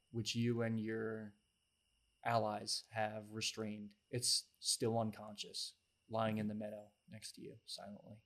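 A man narrating a tabletop game as game master, describing scenes in detail. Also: fairly low pitch. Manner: descriptive, evenly paced narration.

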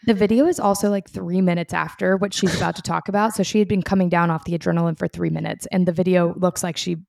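A woman's voice: on the low side, fairly even intonation, fast talker, creaky, darkish tone. A woman co-hosting a podcast in casual chat, eagerly adding details to her friend's story. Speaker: podcast co-host.

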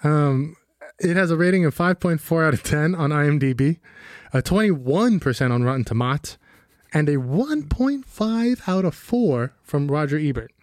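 Podcast co-host, man, a touch high, swears freely, tells stories, recorded dry. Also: lively intonation, moderate pace, dry recording. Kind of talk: casual chat.

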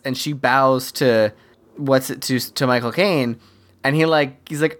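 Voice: mid-range voice, moderate pace, a bit bright. A podcast co-host casually retelling a movie's plot, acting out the characters' lines and laughing often. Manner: chatty storyteller, acts out quotes, laughs often.

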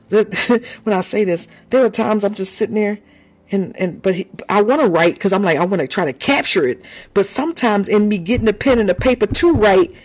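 A woman preaching with a lively, swooping voice that carries a slight huskiness. She talks to her congregation in a casual, animated way, laughing and calling out praise. Soft music plays underneath. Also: mid-range voice. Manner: animated and conversational, with laughs and sudden shouts of praise. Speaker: apostle and preacher. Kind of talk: sermon.

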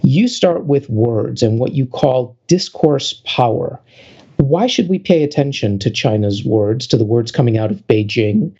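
A man's voice: mid-range voice, lively intonation, a little slow, darkish tone, breathy edge, lo-fi sound. A man co-hosting a podcast, introducing a guest in a talkative way with many restarts. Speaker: podcast co-host. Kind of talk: casual podcast chat.

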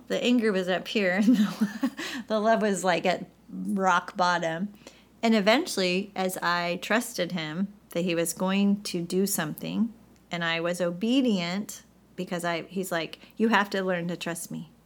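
A woman guest on a faith podcast, candidly telling her story with lively, acted-out quotes. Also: on the low side, unhurried. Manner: animated storytelling, acts out quoted voices.

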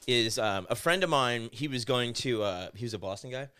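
A man, a comedian guest on a podcast, telling stories in a casual, animated way and laughing through them. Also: medium pitch, brisk, smooth.

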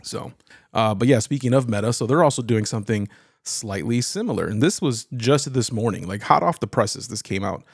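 A man's voice: medium pitch, animated, brisk, creaky, husky, no room sound, studio quality. A man co-hosting a podcast, explaining things in a casual, rambling way with frequent restarts. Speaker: podcast co-host. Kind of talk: casual chat.

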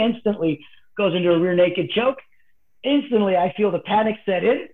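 A man, a martial arts guest, telling a story animatedly and swinging between hushed and excited delivery. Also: medium pitch. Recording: phone-like remote call line.

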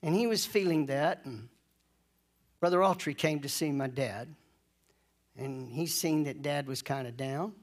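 A man preaching a sermon, leading call-and-response and drawing out key phrases slowly. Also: a little high. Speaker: pastor.

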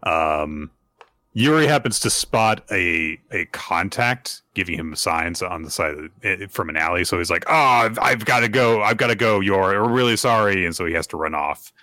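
Low-pitched man, bright dry voice. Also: expressive, dry recording. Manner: acts out character lines in quick put-on voices. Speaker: podcast co-host recapping manga. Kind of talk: casual chat.

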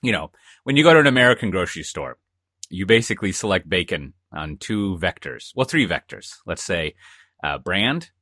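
A man's voice: sits low, very animated, moderate pace, bright, forceful tone, dry recording, clean studio sound. A man co-hosting a podcast in casual chat, telling rambling, jokey stories full of asides. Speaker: podcast co-host. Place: lives in Texas.

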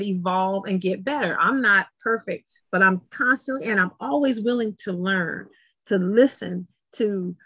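A woman's voice: medium pitch, a bit bright, slightly rough, no room sound. A woman hosting a podcast, talking earnestly and reflectively in casual conversation, often using "you know" fillers. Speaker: podcast host.

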